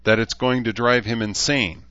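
A man's voice: mid-range voice, steady tone, normal speed, sharp tone, no echo, highs cut off, voice pushed up, lightly acted. A man doing a firm, commanding woman leader. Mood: earnest, firm. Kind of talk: audiobook character voice.

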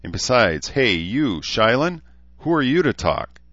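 A man's voice: medium pitch, big pitch swings, unhurried, a bit bright, no echo, highs cut off, voice pushed up. A man voicing a young man who jokes about himself with dry asides. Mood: joking. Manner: joking, dry self-mocking asides. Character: young man, wry self-deprecating joker.

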